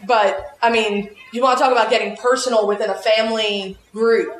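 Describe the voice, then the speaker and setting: A talkative woman with a somewhat high voice tells animated stories and laughs often as she goes. She sounds a little echoey, as if in a reverberant room. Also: brisk. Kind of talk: casual chat.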